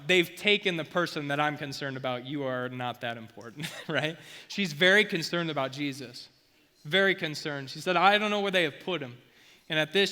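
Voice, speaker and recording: A man preaching in a relaxed, slangy way, reading scripture and explaining it as he goes. His voice sits a bit high and sounds bright and forceful. A long hall reverb trails after his words. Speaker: youth pastor. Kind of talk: sermon.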